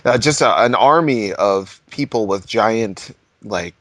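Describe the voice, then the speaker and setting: A man at home telling rambling, animated stories in a casual podcast chat. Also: on the low side, takes it slowly, no echo. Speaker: podcast co-host.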